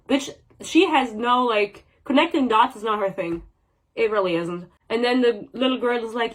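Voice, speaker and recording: A woman's voice: fairly high pitch, animated, fairly quick, low-quality recording. A young woman giving a sarcastic, swear-heavy casual book review rant, mocking characters in exaggerated voices.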